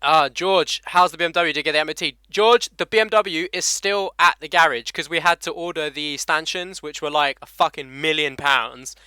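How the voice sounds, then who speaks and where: A man's voice: fairly high pitch, normal speed, few pauses, clean tone, no room sound. Sweary young Englishman chatting on a live stream. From England. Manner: sweary, laughing, shouting out viewers. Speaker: motovlogger host. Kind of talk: casual live stream chat.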